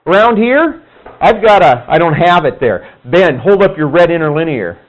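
A man teaching a Bible class in a casual, conversational way, acting out quoted people in higher voices. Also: big pitch swings, moderate pace. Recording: dull lo-fi room recording.

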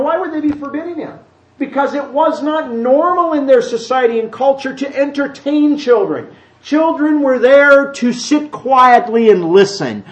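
A middle-aged man preaching a conversational sermon in church. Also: very high voice. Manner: conversational, animated, acts out children's voices. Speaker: pastor. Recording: dull lo-fi church recording.

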